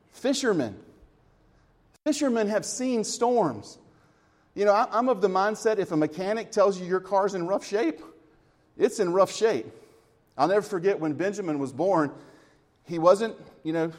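A man's voice: high voice, darkish tone. A man, a church elder, preaching a sermon in a conversational storytelling way with light humor.

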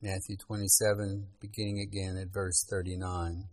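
A man preaching a sermon, reading scripture aloud in an earnest, measured way with pauses. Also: on the low side, fairly even intonation, fairly bright tone, low-quality recording.

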